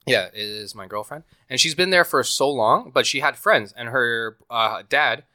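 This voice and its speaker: A young man telling animated travel stories in a casual podcast chat, acting out the people he quotes. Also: mid-range voice, moderate pace. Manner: animated storyteller, acts out quotes.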